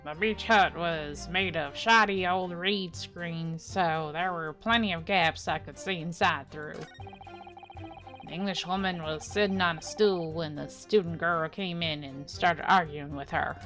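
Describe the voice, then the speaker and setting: A woman's voice: lowish voice, a little slow, music in the background, lightly acted. A woman voicing a brash male journalist with a southern twang, reading his testimony in a drawling, boastful way.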